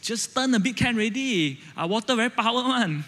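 A man's voice: very high-pitched, animated, a little fast, sharp tone, pitched above the performer's own voice, heavily acted. A man putting on a nagging Malaysian mother. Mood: scolding. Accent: Malaysian English. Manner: complaining, scolding in clipped colloquial phrasing. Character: nagging middle-aged mother, easily exasperated.

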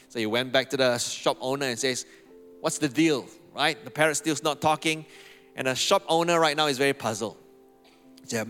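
A man's voice: mid-range voice, a bit bright, in a large hall. A man preaching a sermon in a conversational way, telling a joke and often checking in with "okay" and "right". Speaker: pastor.

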